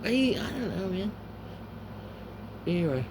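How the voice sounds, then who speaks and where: A man's voice: high voice, sing-song, measured pace, background noise. A man telling a rambling, profane anecdote, full of filler words and trailing asides.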